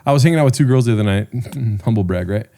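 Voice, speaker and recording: A young man co-hosts a casual podcast and tells rambling stories laced with crude jokes. His voice sits in the middle of the range and has a dark, mellow color. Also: mid-range voice, animated, racing. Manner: loose storytelling with crude jokes. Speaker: podcast co-host.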